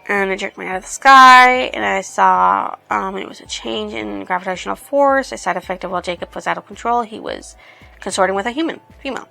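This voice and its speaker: A woman's voice: mid-range voice, brisk, creaky, pushed and bright, soft background music. Woman reading as a stern male demon captain.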